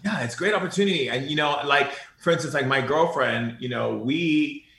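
A man talking earnestly in a spiritual conversation, telling stories with animated repetition. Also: fairly high pitch, normal speed, roomy sound. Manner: earnest, animated storytelling, repeats phrases.

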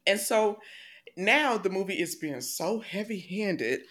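A woman's voice: mid-range voice, slow pace. A woman co-hosting a podcast who casually recaps a film in blunt, profane slang. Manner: animated retelling with acted quotes, frequent laughter. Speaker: podcast co-host reviewing a film. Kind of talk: casual chat.

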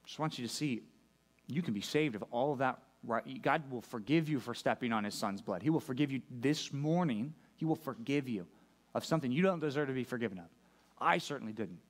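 A male pastor with a mid-range, animated voice preaches a sermon to his church congregation at a brisk pace. He talks conversationally and checks in with his listeners often during the church service.

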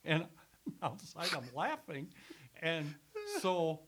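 An older man, a former sales executive, telling animated stories in a casual chat and laughing as he goes. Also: fairly high pitch, slow, slight background noise.

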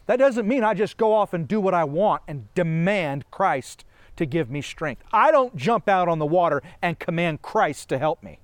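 A man preaching a sermon, animated, asking rhetorical questions and laughing often. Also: high-pitched, moderate pace, no echo.

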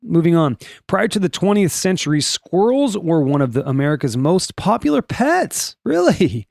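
Male podcast host, slightly high voice, dry close sound, casual rambling monologue with wry asides. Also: very animated, moderate pace, creaky, darkish tone, no echo. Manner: rambling, wry asides, stumbles over names. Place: room at home.

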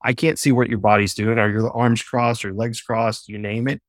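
A man speaking as a podcast guest from his home office over a video call, explaining things in an animated way and telling stories eagerly. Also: mid-range voice, moderate pace, no room sound, clean studio sound. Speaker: podcast guest, face-reading trainer. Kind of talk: casual interview chat.

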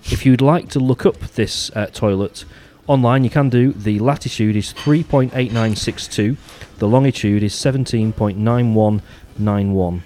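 A man hosts a relaxed chat, his voice sitting fairly low. He talks in an easygoing way with dry humour, often doubling back to restart a phrase. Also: normal speed, few pauses, slight background noise. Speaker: podcast host. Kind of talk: casual chat.

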